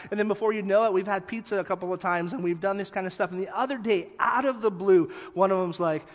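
A man preaching a sermon as pastor, telling lively stories and then dropping quiet for emphasis. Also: high-pitched, quick pace, hardly any pauses. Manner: animated storytelling, drops soft for emphasis. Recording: long hall reverb.

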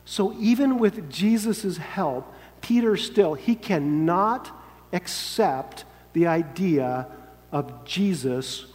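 A pastor preaches earnestly and emphatically, sometimes acting out the lines he quotes. His voice is a little high with a darkish tone, and long hall reverb surrounds it.

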